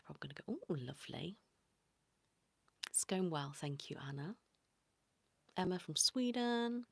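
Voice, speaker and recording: A woman hosting a whispered ASMR livestream, greeting viewers by name in a soft whisper. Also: low-pitched, creaky, slightly rough, no room sound. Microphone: close sensitive mic.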